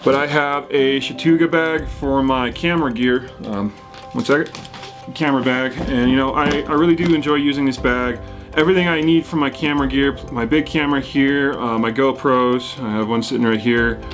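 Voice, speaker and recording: A man in a relaxed, casual question-and-answer video, answering his viewers at an unhurried pace with many "um"s and "you know"s. His pitch sits in an ordinary middle range. Faint guitar music plays behind him. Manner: rambling, many fillers and restarts. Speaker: whitewater kayaking channel host. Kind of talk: casual Q&A, reading viewer comments.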